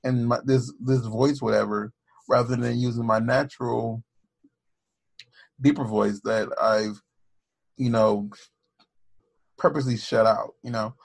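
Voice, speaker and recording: A man with a gravelly, creaky voice speaks earnestly, often stammering and restarting. He keeps his pitch lifted above his natural deeper range. The recording is dry and close. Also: steady tone, measured pace, pauses often, no room sound. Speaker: podcast co-host. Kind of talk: casual podcast talk.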